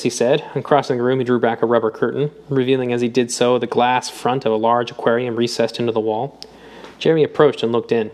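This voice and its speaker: A man narrating an audiobook with a measured, even reading. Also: medium pitch.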